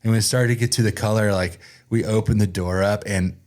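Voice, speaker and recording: A man with a fairly low voice talks easily about his past. He is a podcast guest in casual conversation. He is relaxed and chatty, and he laughs at his own mishaps. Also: a little fast. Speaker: podcast guest, coffee roaster.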